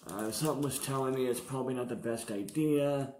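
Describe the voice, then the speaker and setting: Speaking fairly quickly in a medium, darkish voice, a man from the San Diego area recounts his past addiction on his vlog. His casual, profane, slangy storytelling sounds confessional, with roomy echo in the audio.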